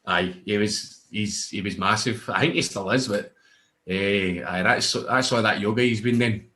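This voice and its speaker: A man's voice: lowish voice, normal speed, bright, forceful tone. A young Scottish man, a wrestler, casually telling rambling anecdotes in an interview, with many restarts and laughs. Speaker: wrestler guest.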